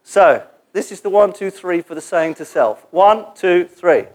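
A man preaching a sermon in a church gathering, animated and joking as he leads the congregation in call-and-response. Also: high-pitched, unhurried.

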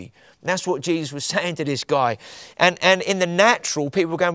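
A man preaching with passion, his voice sitting a little high and rising to emphatic peaks. The recording is dry and close, with no room echo. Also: a little fast, fairly bright tone. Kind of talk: sermon.

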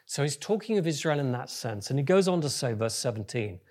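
Husky-voiced man preaching with big swings. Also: medium pitch, a little fast, few pauses. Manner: lively preaching, swings from soft to loud. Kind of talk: sermon.

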